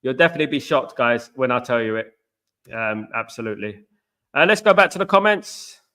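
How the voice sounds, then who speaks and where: British bloke rambling on a football stream, bright voice, keeps saying guys. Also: male voice, medium pitch, lively intonation, brisk. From Britain. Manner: rambling, repetitive, addresses viewers as guys. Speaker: football channel host. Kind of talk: casual live-stream chat.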